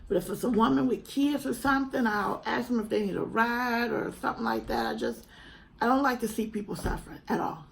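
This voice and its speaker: A woman's voice: on the high side, animated, a little fast, vocal fry, low-quality recording. Earnest chatty woman. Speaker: mukbang vlogger. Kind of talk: casual heartfelt chat to camera.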